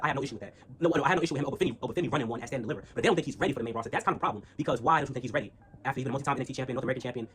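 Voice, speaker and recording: A man giving a casual opinion rant as a wrestling vlogger, slangy and full of restarts, building into loud heated stretches. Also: mid-range voice, slight background noise. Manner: fast, slangy, repeats words and restarts, gets loud and heated.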